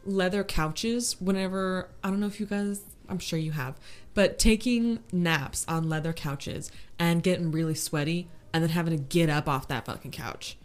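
A woman's voice: lowish voice, normal speed, faint music behind. A woman co-hosting a podcast in casual chat, rambling through complaints with lots of fillers. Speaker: podcast co-host.

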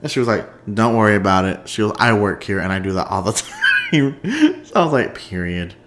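Male podcast host, low pitch, animated and chatty, faint background noise. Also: brisk. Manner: chatty, animated storytelling with frequent laughs. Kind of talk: casual solo podcast chat.

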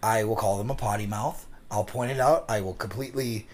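A man's voice: on the low side, a little fast. A man co-hosting a casual podcast, rambling through stories, laughing often and swearing casually. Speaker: podcast co-host. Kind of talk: casual chat.

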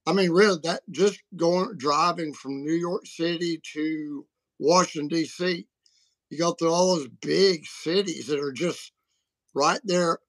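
A middle-aged Alabama man with a Southern accent, appearing as a guest apologist on a casual livestream, tells folksy, rambling stories full of restarts. His voice is fairly high, a little slow and a bit bright, on a dry, poor-quality recording.

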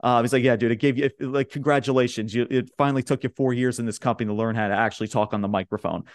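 Racing through his recap, a young Long Island, New York man hosting a podcast animatedly retells wrestling promos, laughing as he quotes the wrestlers. His voice is mid-range, and the studio-quality audio has no room sound.

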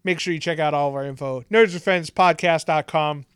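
A man co-hosting a podcast, chatting casually with quick jokes and asides. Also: on the high side, a bit bright, clear, resonant tone, no room sound, studio quality. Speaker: podcast co-host. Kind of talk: casual chat.

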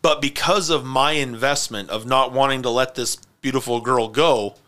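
A man hosting a podcast, telling a story in casual chat with an animated, laughing manner. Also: medium pitch, moderate pace. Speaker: podcast host.

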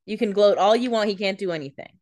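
A woman co-hosting a podcast in casual chat, with quick jokey reactions and frequent laughs. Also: medium pitch, darkish tone, dry recording. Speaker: podcast co-host.

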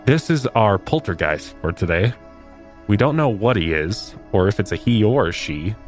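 Theatrical, animated male podcast host. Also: lowish voice, normal speed, soft background music. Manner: mock-dramatic, theatrical. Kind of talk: comedic podcast narration.

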